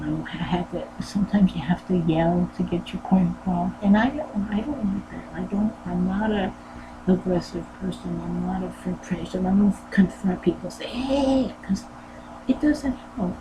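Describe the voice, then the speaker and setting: A low-pitched woman talks earnestly and rambles, looping back over the same phrases. There is steady, clearly audible noise behind her voice. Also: moderate pace. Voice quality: low voice that does not go higher. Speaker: sewing channel host. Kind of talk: casual personal talk. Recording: noisy background.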